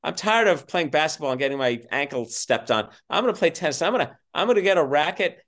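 A man's voice: a little high, sing-song, fast, fairly bright tone, voice pushed up. A man imitating a cocky, overconfident middle-aged basketball player who is bragging. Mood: boastful. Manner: boastful, overconfident.

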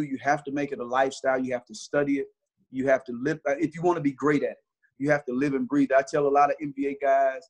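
A middle-aged man, a basketball trainer, telling stories in a casual interview with earnest, repeated restarts. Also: medium pitch.

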